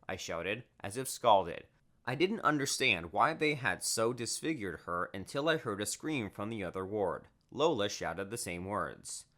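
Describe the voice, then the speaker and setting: A man narrates an animated story in the first person, with a lively, animated telling. His voice sits on the low side, yet it sounds bright and crisp. The pitch swings widely from line to line. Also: normal speed.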